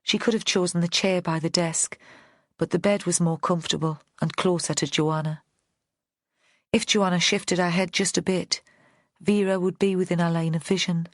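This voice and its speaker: A woman with a voice on the low side narrates an audiobook, reading a script in a measured, even storytelling style. The recording is studio quality with no room sound.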